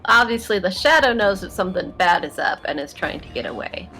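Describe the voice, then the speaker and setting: A woman's voice: medium pitch, lively intonation, a little fast, bright, forceful tone, soft background music, poor audio. A woman playing a tabletop game over a video call, hesitant and thinking aloud. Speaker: player.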